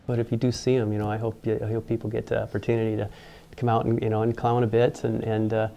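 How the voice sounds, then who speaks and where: A man's voice: on the low side, level tone, fast talker, gravelly, mellow, highs cut off, a little hiss or hum. A man being interviewed, telling a personal story in a rambling way with many fillers and restarts. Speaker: engineer interviewed about mascot costuming.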